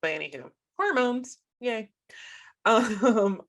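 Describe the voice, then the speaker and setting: A woman co-hosting a podcast in casual chat, reflective and gently self-deprecating. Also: on the high side, animated, slow. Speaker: podcast co-host.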